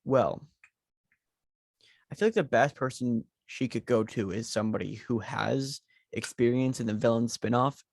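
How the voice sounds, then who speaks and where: A man co-hosting a podcast rambles through movie ideas in casual chat, leaning on fillers as he thinks. His voice has a gravelly fry, recorded dry and close. His pitch sits in an ordinary middle range. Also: normal speed, no room sound. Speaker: podcast co-host.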